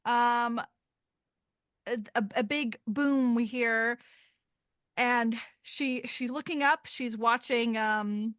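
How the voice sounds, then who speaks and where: A woman's voice: on the high side, steady tone, takes it slowly, a bit bright, smooth, dry recording, clean studio sound. A young woman co-hosting a podcast, recapping a comic chapter in casual chat, chatty and self-deprecating, often laughing. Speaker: podcast co-host.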